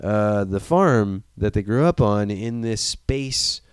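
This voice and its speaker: A man's voice: on the low side, expressive, clean tone, no room sound, studio quality. A man recapping a movie in casual chat, joking, swearing and acting out the characters. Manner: profane, jokey, acts out characters in quick voices.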